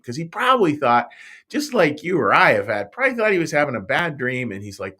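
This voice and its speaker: Man, pastor, children's Bible story, lively up-and-down pitch, mid-range voice. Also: brisk. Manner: animated, playful storytelling voice that swings up and down, talking straight to kids. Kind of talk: telling a Bible story to young kids.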